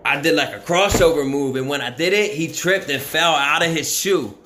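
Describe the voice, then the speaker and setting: A man's voice: on the high side, moderate pace, bright, forceful tone, slight background noise. A man casually telling a story from his own life in a rambling, profane way, full of "you know what I mean" fillers.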